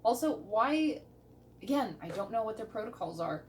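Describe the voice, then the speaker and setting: A woman's voice: on the high side, animated, normal speed. A young woman paramedic reacting to a TV show in blunt, sarcastic casual commentary, swearing often. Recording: distant mic with faint noise.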